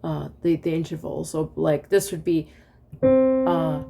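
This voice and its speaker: A woman teaching an online music lesson in a relaxed, halting way, stopping now and then to sing solfege syllables. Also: low voice, creaky. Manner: relaxed and halting, many ums, sings solfege syllables to demonstrate.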